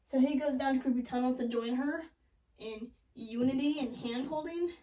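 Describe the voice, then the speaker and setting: A young woman casually retelling a classic love story as a joke, with sarcastic asides and quick quoted voices. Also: sits high, warm tone, distant mic, rough recording. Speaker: comedic storyteller. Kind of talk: joking retelling of a classic play.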